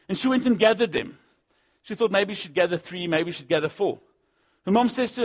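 A man preaching a sermon, swinging between loud punchy lines and low asides, acting out the voices he quotes. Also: lively intonation, a little fast. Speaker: pastor.

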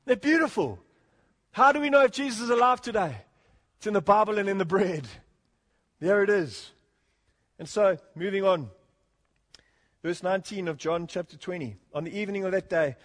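A man's voice: high voice, big-room sound. A man preaching a sermon, reading scripture and urging his congregation, whom he calls "folk". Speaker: pastor.

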